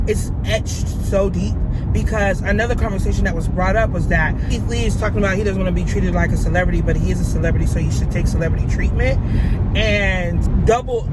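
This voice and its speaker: A woman vlogging in a casual, frank chat to camera, telling stories in an animated, dramatic way. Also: mid-range voice, very noisy. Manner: frank, outspoken.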